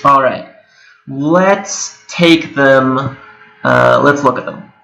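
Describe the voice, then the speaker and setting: A young man in his twenties talks through a recorded lecture in a loose, conversational way, dropping fillers and fixing his own slips as he goes. His voice comes across bright and forward. The room behind him is echoey, with a steady whir. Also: medium pitch, drawn-out words, creaky. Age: 20s. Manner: conversational, with frequent fillers and self-corrections. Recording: echoey room with a whirring hum.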